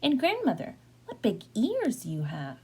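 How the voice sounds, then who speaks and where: A woman's voice: fairly high pitch, wildly swooping pitch, unhurried, a little mellow, slightly rough, heavily acted. A woman voicing a curious, cheerful young girl who speaks in an eager, polite, sing-song way in a storybook reading. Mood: wondering.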